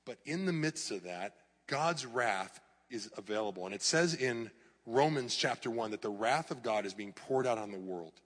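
A middle-aged male pastor preaching an animated sermon in a church, sometimes mocking clickbait headlines in a raised voice. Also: mid-range voice, normal speed, in a large hall. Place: church hall.

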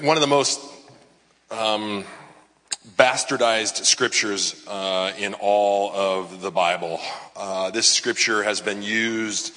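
Casual preacher with a bright voice. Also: male voice, lowish voice, slow pace, in a large hall. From Southern California. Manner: casual, conversational preaching with many fillers. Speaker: pastor. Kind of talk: sermon.

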